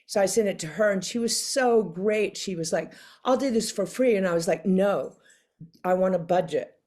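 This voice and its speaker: Older lady chatting in an interview, slightly low voice, animated, plays out the quotes, laughs a lot. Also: moderate pace. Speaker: interview guest. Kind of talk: casual storytelling interview.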